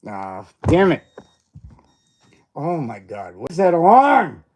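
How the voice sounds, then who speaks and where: A man's voice: fairly high pitch, huge pitch swings, slow pace, a little mellow, slightly rough. A man hosting a casual livestream, rambling and self-mocking as he reads viewer comments aloud. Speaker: livestream host. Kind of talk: casual livestream chat while unboxing.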